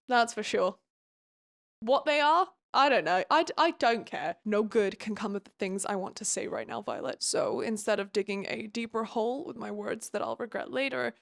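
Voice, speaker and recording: Young woman ranting about a book, kinda high voice, sarcastic and exasperated. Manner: sarcastic and exasperated, with frequent laughs. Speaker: book recap vlogger. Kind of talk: casual sarcastic book recap.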